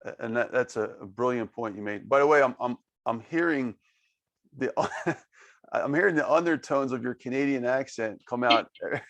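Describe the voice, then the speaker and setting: A man's voice: medium pitch, normal speed, fairly bright tone, no room sound. A man with an accent hosting a podcast interview, friendly and laughing often. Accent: non-native English accent. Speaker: podcast host. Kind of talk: casual interview.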